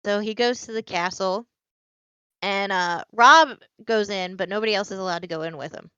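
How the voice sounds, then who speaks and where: Smooth-voiced woman podcaster recapping casually. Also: mid-range voice, normal speed, pushed and bright, no echo, muffled recording. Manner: rambling plot recap with many fillers. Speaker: podcast co-host. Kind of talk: casual chat.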